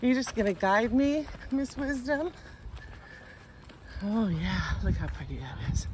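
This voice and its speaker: A woman's voice: on the high side, very animated, unhurried, background noise. A cheerful, chatty woman vlogging on a phone, partly while out on a forest walk, cooing at her dog now and then. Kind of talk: casual chatty vlog.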